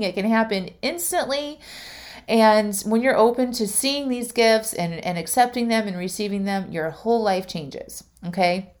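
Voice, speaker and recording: A woman's voice: medium pitch, moderate pace, darkish tone. A woman life coach telling a personal story in a casual, heartfelt monologue, talking straight to her listeners with plenty of fillers. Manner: chatty, heartfelt, many "like" fillers; addresses listeners directly.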